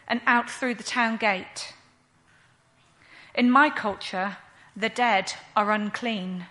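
Woman playing a bright-voiced grieving widow. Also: fairly high pitch. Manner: slow, earnest storytelling. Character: grieving widowed mother, later overjoyed. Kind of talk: dramatic first-person monologue.

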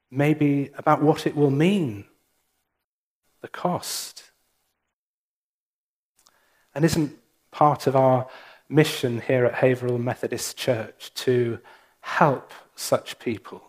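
Slow, measured male minister preaching. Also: medium pitch, a little mellow. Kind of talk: sermon. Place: church.

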